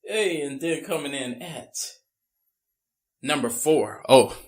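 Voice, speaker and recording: A man co-hosting a casual podcast, talking in an animated way, laughing often and slipping into goofy impressions. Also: a little high, slow, heavy background noise. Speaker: podcast co-host.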